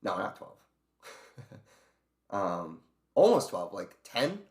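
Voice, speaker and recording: A man's voice: fairly low pitch, very animated, takes it slowly, darkish tone, reverberant. A man streaming from home, venting about his job in a casual, profane rant. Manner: profane, venting, mimics bosses in quoted voices.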